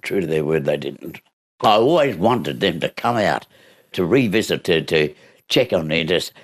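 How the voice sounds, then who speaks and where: An older Australian man telling stories from his life in an interview, with a halting delivery full of fillers. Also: low-pitched. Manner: halting, with many fillers and lively storytelling. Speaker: guest, actor. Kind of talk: storytelling in an interview.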